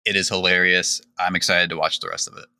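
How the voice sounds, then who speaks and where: A man's voice: low voice, fast, clear, resonant tone. A young man co-hosting a podcast, chatting casually with stammering restarts. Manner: stammering restarts, relaxed enthusiasm. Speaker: podcast co-host. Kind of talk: casual chat.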